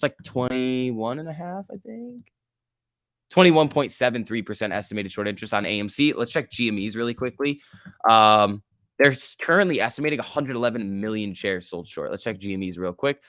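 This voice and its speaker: A young man hosting a live stock market stream, talking casually and excitably, swearing freely and reading chat aloud. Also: lowish voice, no echo, clean studio sound. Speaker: stock market livestream host.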